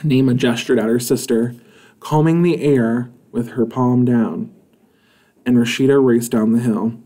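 Brief: male reader narrating a children's chapter book with measured expression. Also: mid-range voice, fairly even intonation, warm tone. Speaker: storybook reader.

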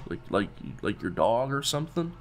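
A man's voice: medium pitch, very animated, normal speed, soft background music. A man commentating casually on a horror game, reading its dialogue aloud and joking with lots of swearing. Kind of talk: casual let's play commentary.

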